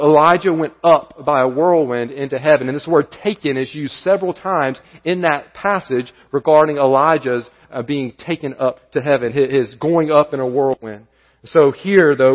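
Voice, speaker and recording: High-voiced pastor preaching in a hall. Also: male voice. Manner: earnest preaching with repetition and rising emphasis. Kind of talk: sermon. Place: church sanctuary. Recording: dull sound with long hall reverb.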